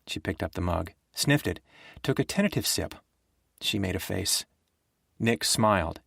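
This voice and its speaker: A man narrating a thriller audiobook in a steady, measured way. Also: low voice, vocal fry, no echo, studio quality. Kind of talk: scripted narration.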